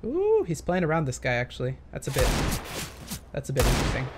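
A man's voice: mid-range voice, wildly swooping pitch, fast, slight background noise. A young man casually commenting on gameplay footage, thinking aloud and hesitating with many fillers. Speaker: gaming commentator.

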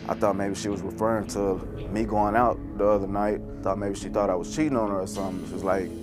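Low-voiced man pleading his side. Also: steady tone, fast talker, few pauses. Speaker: guest telling his side. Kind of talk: interview confessional. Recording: music bed underneath.

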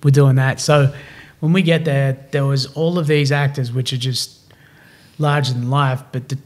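Australian man in his thirties, podcast guest, lively storyteller who plays out the dialogue, mid-pitched voice. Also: moderate pace. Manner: animated, slangy, acts out quoted dialogue. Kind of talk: casual storytelling.

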